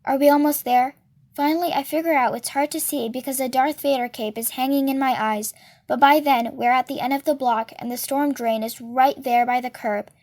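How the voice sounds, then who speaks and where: A woman reading a novel aloud as a storyteller, with steady and expressive delivery. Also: sits high, brisk.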